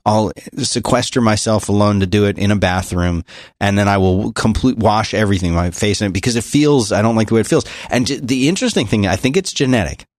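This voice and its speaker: A man co-hosting a podcast in casual chat, talking in a hesitant, halting, self-deprecating way. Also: fairly low pitch, no room sound, clean studio sound. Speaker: podcast co-host.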